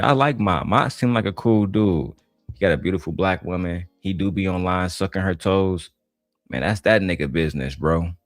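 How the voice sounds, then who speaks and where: A man's voice: deep voice, dry recording, clean studio sound. A man from Detroit reacting to a debate on his stream, ranting bluntly and with heavy profanity.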